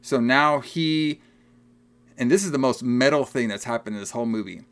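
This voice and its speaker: A young man co-hosting a podcast, recapping a movie in casual, animated chat and laughing often. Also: medium pitch. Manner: animated, laughing, acts out film lines in quick voices. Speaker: podcast co-host.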